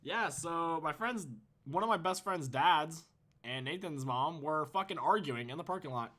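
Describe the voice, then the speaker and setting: A man's voice: on the high side, animated, moderate pace, pushed and bright. A teenage man telling a storytime vlog, casual and profane, rambling and laughing. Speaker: YouTuber.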